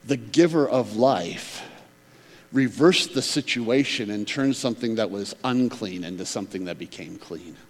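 A man preaching a sermon, swinging between emphatic loud stretches and hushed near-whispers. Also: lowish voice, measured pace, in a large hall. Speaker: pastor.

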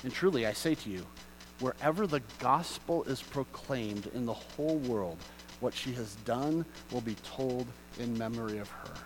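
In poor audio, a man with a medium-pitched voice delivers a sermon at a moderate pace. As pastor, he reads scripture quietly, then explains it, rising to loud and passionate emphasis.

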